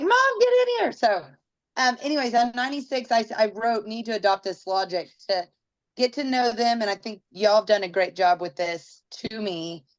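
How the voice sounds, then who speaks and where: Mom in a video-call book club, chatty, reads out her notes, mid pitch. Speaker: book study participant, mother. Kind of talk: casual group discussion.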